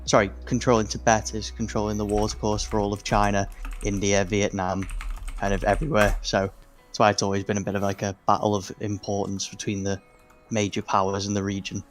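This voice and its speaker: A man's voice: fairly low pitch, monotone, a little fast, faint music behind. A man on a discussion podcast who explains a point and corrects himself as he goes. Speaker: podcast panelist. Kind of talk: casual explanation.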